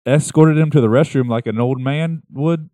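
A man's voice: a little high, moderate pace, mellow, dry recording, clean studio sound. A man co-hosting a podcast, joking crudely and laughing often in casual banter. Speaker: podcast co-host.

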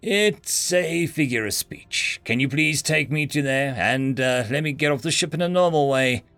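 A man voicing an exasperated, sarcastic young man stranded in space, snapping and yelling at his rescuers. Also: on the high side, expressive, normal speed, soft background music. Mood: strained politeness.

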